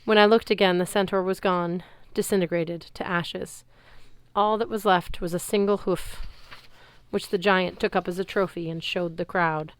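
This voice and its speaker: A woman's voice: on the low side, fairly even intonation, moderate pace, clear, resonant tone, no room sound. A woman reading a novel aloud, telling the story expressively in first person. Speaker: reader.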